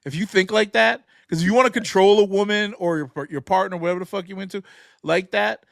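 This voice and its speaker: A young adult man co-hosting a podcast, telling loud, profane, laughing stories in casual banter. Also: high voice, quick pace, creaky, no room sound, clean studio sound. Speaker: podcast co-host.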